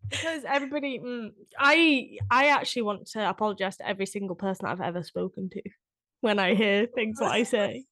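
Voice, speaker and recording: A woman's voice: medium pitch, a bit bright, no room sound. English woman on a dry close mic. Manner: self-deprecating, quick agreeing interjections. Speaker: podcast co-host, fitness instructor. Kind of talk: casual chat.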